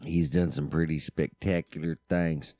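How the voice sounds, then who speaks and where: A man's voice: very deep voice, little pitch movement, unhurried, warm tone, no room sound. A man co-hosting a podcast, joking around and swearing in casual chat. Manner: joking, laughing, profane. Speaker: podcast co-host.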